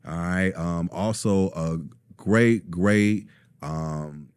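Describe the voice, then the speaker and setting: Low, mellow-voiced man telling stories. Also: very slow, smooth, no room sound, clean studio sound. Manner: relaxed storyteller, many ums, acts out quotes. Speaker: store owner, guest. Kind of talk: casual interview talk.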